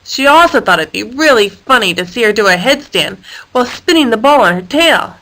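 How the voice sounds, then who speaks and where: A woman reading a children's story aloud in a playful, expressive manner. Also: high-pitched, fairly quick, rough recording. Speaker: storyteller for a homeschool course. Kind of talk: storybook read-aloud narration.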